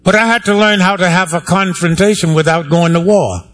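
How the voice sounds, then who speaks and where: A man's voice: sits high, fairly quick, fairly bright tone. A male pastor preaching a sermon to his congregation in a wry, conversational way, asking for amens and hands raised. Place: church sanctuary.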